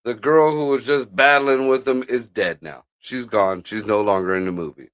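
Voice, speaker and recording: A man's voice: medium pitch, moderate pace, no echo. A man co-hosting a casual movie watch-along, wisecracking and swearing. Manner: animated and profane, wisecracking. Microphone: live stream microphone.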